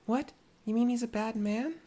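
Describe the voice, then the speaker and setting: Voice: medium pitch, moderate pace, mellow, voice pushed up, close to an everyday voice. A gamer voicing a little girl who worships a local hero, pleading and childlike. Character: small anxious girl who idolizes a hero.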